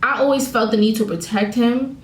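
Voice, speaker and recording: A woman's voice: on the high side, fairly even intonation, brisk, reverberant, a little hiss or hum, low-quality recording. A woman vlogger venting candidly to her viewers, telling a painful breakup story in her own words. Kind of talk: emotional storytime vlog.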